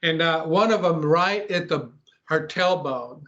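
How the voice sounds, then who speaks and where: A man with a somewhat high voice tells a long story as a guest pastor in an interview. He speaks earnestly, clears his throat often, and restarts his sentences. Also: unhurried, pushed and bright, highs cut off.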